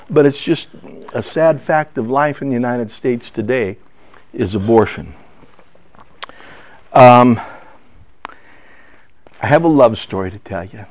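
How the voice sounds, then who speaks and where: An older man telling a family story in a personal testimony talk, halting and emotional, with many restarts. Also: mid-range voice. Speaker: speaker. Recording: dull lo-fi sound.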